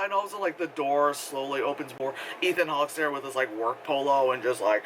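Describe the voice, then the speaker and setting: A man's voice: fairly high pitch, fast talker, hardly any pauses, fairly bright tone, rough recording. Rambling, sarcastic man reviewing a movie. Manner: rambling, sarcastic, full of fillers and mock quotes. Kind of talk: casual spoken review. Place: outdoors in wind. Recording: faint wind noise outdoors.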